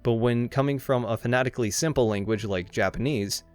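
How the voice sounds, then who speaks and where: A man's voice: mid-range voice, a little fast, a little mellow. Sarcastic, swearing man narrating a video essay. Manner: irreverent, sarcastic, swears freely. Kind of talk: scripted comedic narration. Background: faint background music.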